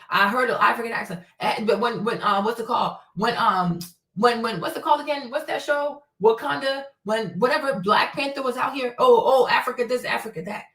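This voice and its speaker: A woman's voice: a little high, fairly bright tone. A woman hosting her own show, ranting casually in a blunt, profane, indignant way. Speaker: show host. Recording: roomy sound, mic at a distance.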